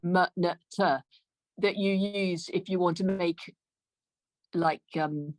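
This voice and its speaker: A woman's voice: fairly low pitch, level tone, slow, no room sound. A woman student in an online class, thinking aloud as she works toward a question. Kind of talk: asking in class.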